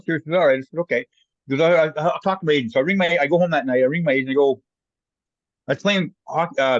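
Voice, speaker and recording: In a dry recording with the highs cut off, a Canadian man who once played hockey tells casual stories as a guest. His voice is medium-pitched, and he animates his anecdotes by acting out quoted voices.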